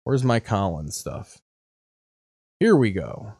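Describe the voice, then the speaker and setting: A man's voice: on the low side, huge pitch swings, slow, creaky, darkish tone, slightly rough, no echo, studio quality. Sarcastic, profane man hosting a podcast. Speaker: podcast host reacting to news clips. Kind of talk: crude comedic commentary.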